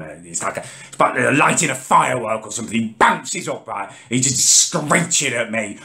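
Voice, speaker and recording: A man's voice: medium pitch, lively intonation, fairly quick, creaky, bright, forceful tone. A man, ranting indignantly in a comedic monologue. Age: 30s. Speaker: comedic vlogger. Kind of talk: comedic rant to camera.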